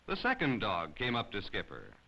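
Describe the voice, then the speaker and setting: A man narrating a children's storybook in an expressive, animated way. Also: fairly low pitch, normal speed. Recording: slightly dull lo-fi recording.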